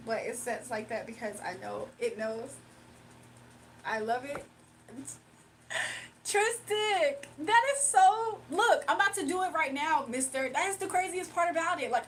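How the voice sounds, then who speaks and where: High-voiced woman on a livestream, laughs a lot, chatty, faint hiss behind. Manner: animated, laughs often, emotional. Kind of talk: casual livestream chat with viewers.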